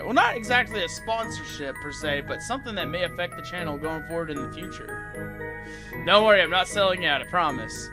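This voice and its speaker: Young guy streamer rambling away, high bright voice, bit of music under it. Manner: rambling, chatty, self-correcting. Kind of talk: casual livestream chat.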